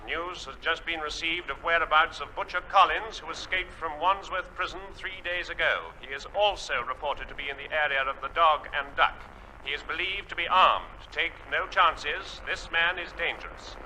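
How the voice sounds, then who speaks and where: A clipped police radio announcer. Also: male voice, on the high side, fairly even intonation, moderate pace, bright, forceful tone, poor audio. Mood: officious. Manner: clipped, formal bulletin delivery. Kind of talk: 1950s radio comedy acting. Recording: old radio broadcast with faint hiss.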